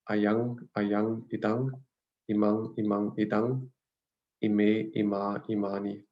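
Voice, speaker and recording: Male language teacher, dark gravelly tone, steady explanatory lecture, muffled lo-fi audio. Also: fairly low pitch. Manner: measured, explanatory, with frequent fillers and restarts. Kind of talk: lecture reading grammar notes.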